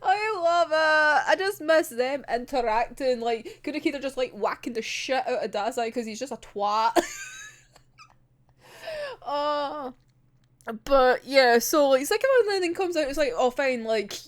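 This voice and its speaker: A woman's voice: high voice, expressive, a little slow. A young woman recapping a manga chapter in a gushing, casual way, laughing often and swearing freely. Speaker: manga reaction vlogger.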